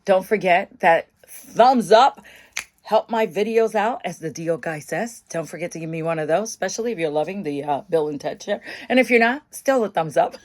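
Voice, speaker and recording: A woman's voice: on the low side, animated, normal speed, a little mellow. A middle-aged woman vlogging casually into her phone about mental wellness, bubbly and chatty. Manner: bubbly, chatty, bursts into laughs and shrieks. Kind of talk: casual chat to camera. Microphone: phone camera.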